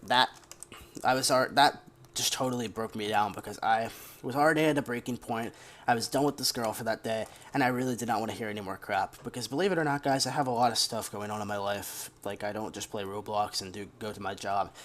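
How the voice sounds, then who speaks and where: A man's voice: fairly low pitch, fairly even intonation, a little fast, a bit bright. A young man telling a long story in a casual, rambling way as a gaming commentator. He vents his frustration and curses now and then. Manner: rambling, venting, casual cursing. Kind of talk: casual storytime over gameplay.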